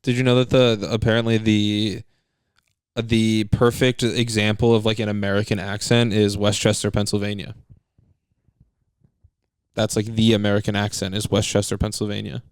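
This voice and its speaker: A man's voice: lowish voice, little pitch movement, normal speed, clear, resonant tone, no echo. A young man co-hosting a casual comedy podcast, rambling and trailing off mid-sentence. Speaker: podcast co-host.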